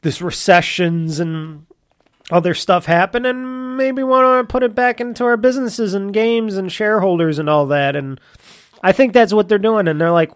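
A man's voice: high-pitched, normal speed. A man hosting a solo podcast from his home office at a desk microphone, rambling casually with lots of fillers and restarts. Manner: rambling, talkative, self-interrupting with fillers. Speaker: podcast host.

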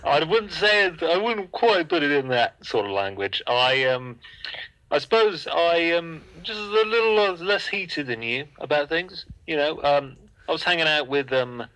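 A man as a mellow, placating radio DJ. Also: on the high side, expressive, measured pace, dry recording, rough recording. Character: laid-back smooth radio DJ, younger brother. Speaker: radio presenter.

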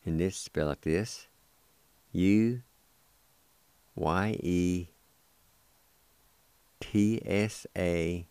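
Low mellow guy spelling out words one letter at a time, super slow, dry close sound. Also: clean tone, no room sound. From United States. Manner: spells letters one by one and repeats each word slowly. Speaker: language teacher and radio host. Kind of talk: slow spelled-out language lesson.

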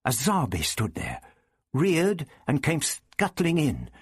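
A man narrating an audiobook in a measured storytelling manner. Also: on the high side, wildly swooping pitch, breathy edge, no room sound, studio quality. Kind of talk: scripted narration.

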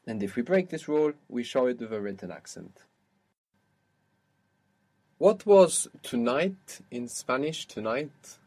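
A man's voice: mid-range voice, expressive, darkish tone. Patient man teaching a language lesson. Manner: patient, explanatory, slows down to model words. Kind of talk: one-to-one spoken language lesson.

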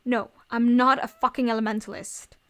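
A woman's voice: on the high side, level tone, moderate pace, fairly bright tone, lightly acted. A woman reading aloud, voicing a brash, foul-mouthed teenage boy thief who snaps and swears. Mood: defiant. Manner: rude, snapping, swearing.

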